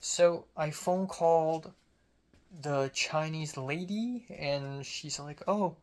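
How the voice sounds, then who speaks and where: A man's voice: on the high side, takes it slowly. A young man from Hong Kong telling a story in a casual, rambling way, with self-mocking asides and casual swearing.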